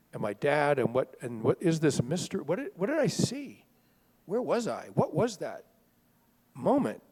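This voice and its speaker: A middle-aged man telling a personal story to a live audience, talking in a conversational, halting way with fillers and restarts. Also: a little high, darkish tone. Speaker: author speaking at a book festival. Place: large hall at a live event. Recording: long reverb of a large hall.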